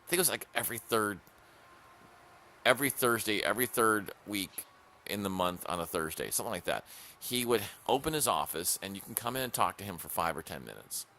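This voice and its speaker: A man's voice: fairly low pitch, sing-song, fairly quick, sharp tone, slight background noise. A man hosting a talk show, giving an emphatic opinion monologue that tells stories and repeats key phrases for punch.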